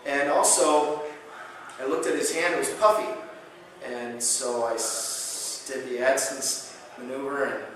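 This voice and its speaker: A man lecturing as a chiropractor at a conference, telling a patient story with lively acted-out quotes. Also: unhurried, slight background noise. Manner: animated storyteller, acts out quotes with big pitch jumps. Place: conference hall. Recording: very echoey hall, voice from far off.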